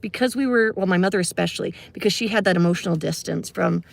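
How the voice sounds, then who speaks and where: A woman's voice: lowish voice, quick pace, creaky. A middle-aged woman, a music teacher telling a personal story in a casual, conversational way, full of fillers and asides. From Canada.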